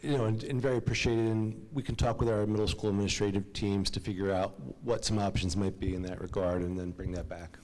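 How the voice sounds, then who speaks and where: A man's voice: lowish voice, steady tone, fast talker, hardly any pauses, a little mellow, poor audio. A man answering as a school administrator at a public board meeting, brief and agreeable. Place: large school meeting room.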